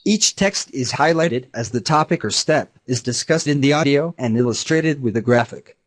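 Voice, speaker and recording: A text-to-speech male voice giving a measured, explanatory scripted lesson narration. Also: mid-range voice. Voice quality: even synthetic delivery.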